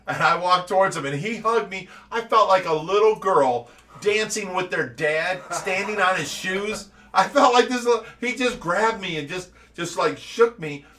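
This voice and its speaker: A man's voice: high-pitched, distant mic. A man from Ohio hosting a casual live-stream chat, telling stories with lots of energy and frequent laughter. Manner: animated storytelling, laughing often. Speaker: show host.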